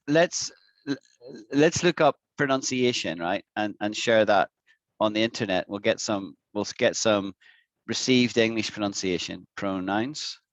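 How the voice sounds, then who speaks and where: A man's voice: lowish voice, vocal fry, dry recording. A man with an Irish accent teaching an online English lesson over a video call, patiently repeating words to demonstrate them. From Ireland.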